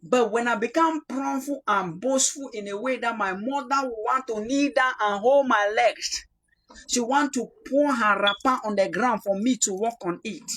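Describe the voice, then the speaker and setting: Cameroonian prophet guy, husky voice, fired-up preaching then soft praying. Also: very high voice, moderate pace. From Northwest Cameroon. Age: young adult. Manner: impassioned, denouncing, swings between loud rebuke and quiet prayer. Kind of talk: prophetic sermon.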